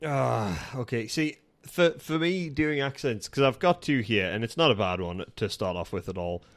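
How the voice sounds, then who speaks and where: Playful, lively man podcast host. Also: mid-range voice, moderate pace. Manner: teasing, playful. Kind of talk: casual chat.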